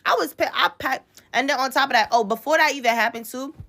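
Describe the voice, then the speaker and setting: A woman of about twenty telling a story to camera in casual talk, animated and full of swearing. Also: high-pitched, fast talker. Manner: animated, profane, indignant.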